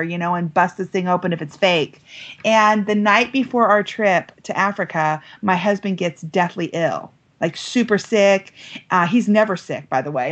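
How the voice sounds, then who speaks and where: A woman guest telling a story on an interview podcast, lively and acting out quoted voices. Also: medium pitch, muffled recording. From United States. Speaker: guest author. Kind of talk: animated storytelling.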